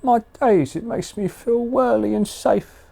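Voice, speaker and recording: A man's voice: sits high, unhurried, vocal fry, warm tone, pitched above the performer's own voice, exaggerated voice. A man voicing a dreamy British pet dog. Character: sleepy, contented female pet dog.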